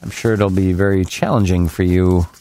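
A man's voice: low voice, fairly even intonation, moderate pace, warm tone. A man co-hosting a casual, jokey talk show, reading news items aloud with asides. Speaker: co-host. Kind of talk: casual radio-style banter.

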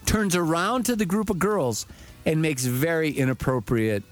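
A man's voice: on the high side, moderate pace, soft background music. A man telling a story in casual chat, swearing freely and acting out what people said. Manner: profane, animated, acts out quotes.

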